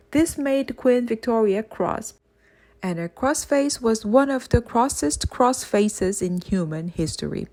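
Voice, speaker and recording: A woman reading a children's book aloud in a clear, steady storytelling way. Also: a little high, unhurried. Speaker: audiobook reader.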